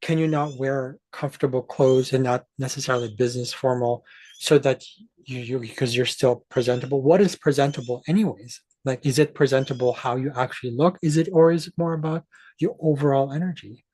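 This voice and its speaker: A man talks straight to his audience in an emphatic, swearing rant. His voice is husky and sits at an ordinary pitch. It sounds close and dry, with no room around it. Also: brisk, a little mellow, dry recording. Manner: emphatic, profane, restarts mid-sentence. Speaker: astrology channel host. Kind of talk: ranting monologue to camera.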